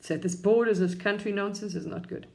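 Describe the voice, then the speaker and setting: A woman's voice: mid-range voice, fairly quick, gravelly, a little mellow, reverberant. A middle-aged woman from England, chatting casually and reflectively on a live stream, rambling and laughing often.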